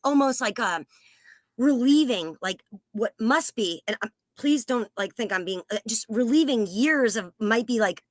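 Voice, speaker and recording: An American woman in a group video call, talking in an excited, rambling way and swearing freely. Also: on the high side, normal speed, no echo. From United States. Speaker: class participant.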